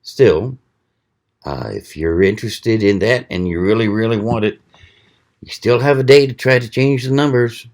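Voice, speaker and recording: A man hosting his own channel, talking casually in a slow, rambling way with many pauses and fillers. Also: fairly low pitch, darkish tone. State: hiccuping. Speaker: channel host. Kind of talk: casual knife review vlog.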